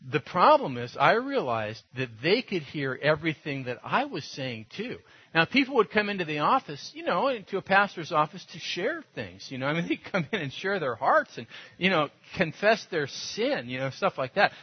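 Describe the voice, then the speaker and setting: A male pastor preaching in a chatty, anecdotal way, his voice somewhat high and breathy. The recording sounds dull and lo-fi, as from an older sermon tape. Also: very animated, moderate pace. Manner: conversational, anecdotal, laughs often. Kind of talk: storytelling sermon.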